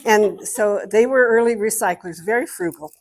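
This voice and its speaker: An older woman and guest artist speaking to an art club, telling lively stories and showing objects as she talks. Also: mid-range voice, normal speed. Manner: lively storyteller, showing objects while talking. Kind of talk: storytelling talk to an art club.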